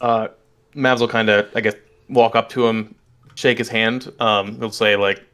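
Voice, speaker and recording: A man's voice: fairly low pitch, flat delivery, a little slow, fairly bright tone, faint music behind. Casual, hesitant man playing a tabletop game. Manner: casual, hesitant, with fillers and light laughs. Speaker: player.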